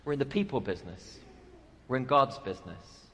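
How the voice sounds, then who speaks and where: A man's voice: mid-range voice, lively intonation, brisk, bright, forceful tone. A male pastor preaching a sermon, telling stories with a dry sense of humor. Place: church sanctuary. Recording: long church reverb.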